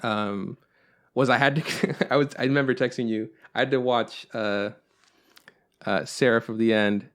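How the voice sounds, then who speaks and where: A man's voice: mid-range voice, steady tone, normal speed, a bit bright, clear, resonant tone. A young adult man hosting a podcast, chatting casually in a rambling way, with lots of swearing and filler words. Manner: rambling and profane, with frequent fillers. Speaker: podcast host. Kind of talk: casual chat.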